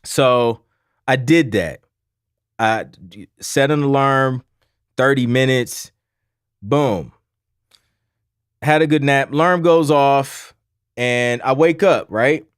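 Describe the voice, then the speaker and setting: A man's voice: medium pitch, slow, pauses often, clean tone, dry recording, studio quality. A man hosting a livestream, chatting casually and telling a rambling story with frequent laughs and repeated phrases. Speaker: livestream host.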